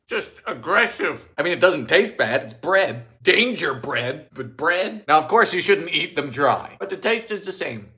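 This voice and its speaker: A man hosting a vintage recipe cooking show, narrating steps with deadpan quips and sudden loud outbursts. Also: a little high, a little slow, hardly any pauses.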